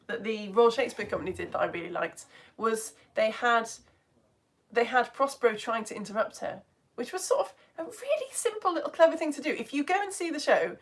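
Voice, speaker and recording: Young British teacher, female, higher voice, friendly chatty delivery with frequent laughs. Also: animated, a little fast, slightly rough. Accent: British English. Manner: chatty, laughs often, talks with many restarts. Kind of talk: live online lesson, chatty. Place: home.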